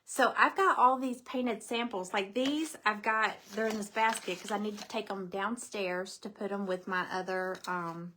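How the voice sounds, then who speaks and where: A woman's voice: medium pitch, steady tone, moderate pace, few pauses, bright, forceful tone, slight background noise. A middle-aged woman, chatting casually and at length with her live viewers, repeating herself and saying "you know" a lot. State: out of breath. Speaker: craft business owner.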